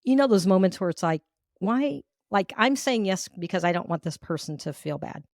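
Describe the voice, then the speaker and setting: A woman coach of Cuban heritage tells personal stories as a podcast guest, in a lowish voice recorded close and dry. She is animated and acts out her own past thoughts as she talks. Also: a little fast, no echo. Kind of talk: storytelling in an interview.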